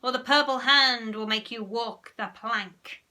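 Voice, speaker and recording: A woman's voice: a little high, a little slow, voice pushed up. A woman voicing a horrid, scheming boy who plays a pirate captain, reading a children's storybook aloud. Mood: bossy. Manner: bossy, loud, swaggering.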